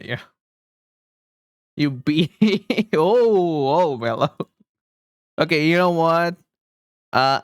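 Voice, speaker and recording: A man's voice: medium pitch, creaky, clean tone, no room sound, studio quality. A man livestreaming, rambling casually to his chat with frequent chuckles while he fiddles with settings.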